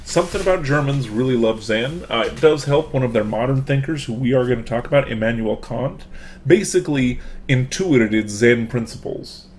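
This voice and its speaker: A man's voice: medium pitch, moderate pace, a little hiss or hum. A man, a professor, giving a casual online lecture through a computer microphone, full of fillers and restarts.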